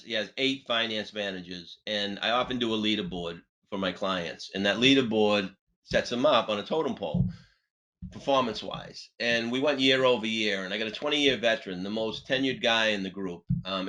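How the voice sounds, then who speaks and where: Bright-voiced man telling a coaching story. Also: rough recording. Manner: animated, punchy delivery with big pitch swings. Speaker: sales trainer and webinar host. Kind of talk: storytelling on a webinar panel.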